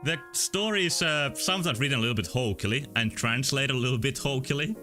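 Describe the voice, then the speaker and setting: A man's voice: mid-range voice, quick pace, bright, forceful tone, soft background music. A man playing a story game, reading the dialogue aloud in a plain voice and joking about it. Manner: reads text in a plain voice, then jokes and reacts. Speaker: let's play streamer.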